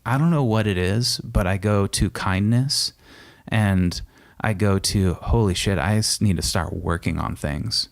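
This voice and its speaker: A man co-hosting a casual couple's podcast, talking earnestly and calmly reassuring. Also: fairly low pitch, unhurried, gravelly, no echo, clean studio sound. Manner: earnest and reassuring, calm coaching tone. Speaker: podcast co-host.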